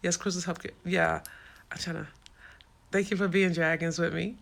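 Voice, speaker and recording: A woman's voice: fairly low pitch, steady tone, moderate pace, gravelly. A woman hosting a casual livestream, frankly answering viewer comments in a streetwise way. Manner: frank and streetwise, swears freely. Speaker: livestream host.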